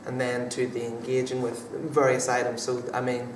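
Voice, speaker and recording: A young man talks through his acting work in a hesitant, halting way, full of fillers and restarts. His voice stays flat and even. He sounds distant, in an echoey room with a faint hum of noise behind him. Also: medium pitch. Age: young adult. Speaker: drama student actor being interviewed. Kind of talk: casual interview answers.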